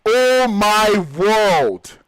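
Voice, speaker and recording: A man whose first language is Yoruba, casting live esports play-by-play in an excitable, gushing, exclamatory way. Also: high-pitched, very slow, clear, resonant tone, no echo, low-quality recording. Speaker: esports caster.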